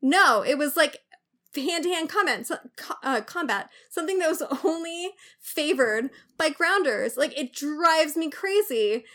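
High-pitched woman ranting on a podcast, lots of ums and likes. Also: unhurried. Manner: animated, ranting with many fillers. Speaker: podcast co-host. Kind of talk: casual chat.

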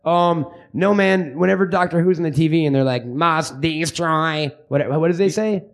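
A man's voice: fairly high pitch, brisk, darkish tone. A young man hosting a podcast, riffing crude jokes in casual comedic chat. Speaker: podcast host.

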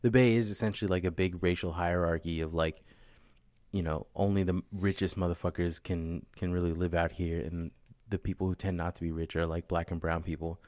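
A man with a fairly low voice chats casually and swears freely, telling stories with animation. The sound is dry and close to the mic. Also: a little fast, no room sound. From California. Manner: profane, animated storytelling. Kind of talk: casual chat.

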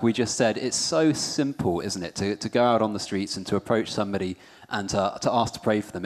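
Upbeat male host in a reverberant hall. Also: lowish voice. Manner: upbeat and self-deprecating. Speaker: conference host. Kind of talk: hosting and sharing a story.

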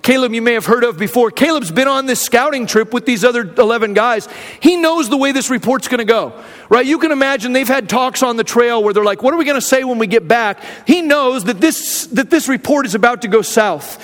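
Man, pastor, very high voice, lively sermon storytelling, long hall echo. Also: brisk. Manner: animated storytelling, acting out quotes.

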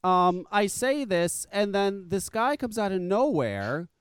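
A man's voice: high voice, takes it slowly, clean tone, no echo. A man hosting a podcast, telling a profane story in a casual chat and acting out what people said. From northern US. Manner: profane, animated storyteller who acts out quotes. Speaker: podcast host.

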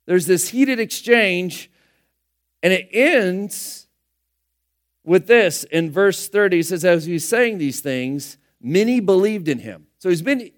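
A man preaching a sermon in a conversational way, acting out the scripture dialogue in casual everyday voices. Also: high-pitched. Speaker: pastor.

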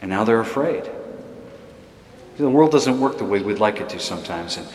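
A man's voice: fairly low pitch, lively intonation, moderate pace, darkish tone, a little hiss or hum. Man preaching in an echoey hall. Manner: conversational storytelling with laughs. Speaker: priest. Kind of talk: sermon.

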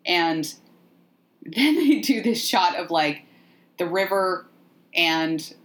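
A woman's voice: lowish voice, slow. Sardonic woman podcast host. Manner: sardonic, profane, animated storytelling. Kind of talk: casual movie recap chat.

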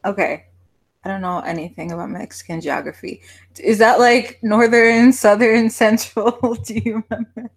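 A woman's voice: medium pitch, fairly even intonation, normal speed. A woman interviewing someone in a casual chat, asking questions with a hesitant manner and plenty of fillers. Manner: hesitant, many fillers and restarts, soft laughs.

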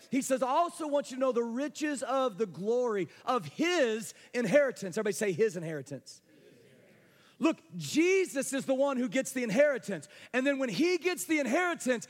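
A man preaching a sermon with fervour, calling for responses and moving between loud bursts and hushed passages. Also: very high voice. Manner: passionate preaching with call-and-response, swinging between loud and soft. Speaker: pastor. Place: church sanctuary. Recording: long hall reverb.

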